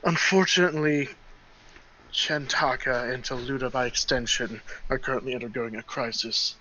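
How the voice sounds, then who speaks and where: A man's voice: medium pitch, steady tone, pushed and bright, muffled recording, a little hiss or hum, lightly acted. Weary refugee leader, voiced by a man. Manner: tired, measured, apologetic.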